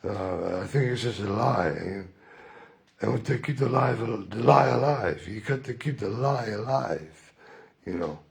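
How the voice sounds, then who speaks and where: Creaky-voiced man rambling about spirit. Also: fairly low pitch, animated, measured pace. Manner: rambling, repetitive, self-questioning. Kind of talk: rambling spiritual monologue to camera.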